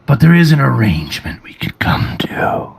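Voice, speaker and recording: A man voicing a menacing armored male brute in a slow, deep, gravelly whisper. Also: very animated, exaggerated voice. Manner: slow, cold and measured.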